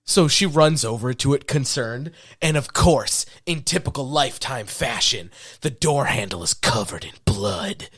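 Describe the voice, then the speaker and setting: A man on a podcast, recapping a movie in casual chat, laughing often and acting out lines in quick voices. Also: medium pitch, expressive, fairly bright tone, husky. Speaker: podcast co-host.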